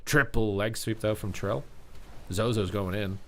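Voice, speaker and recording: Excitable male esports caster. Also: on the low side. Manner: excitable, chatty, reads out chat; rapid play-by-play calling. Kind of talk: live game commentary.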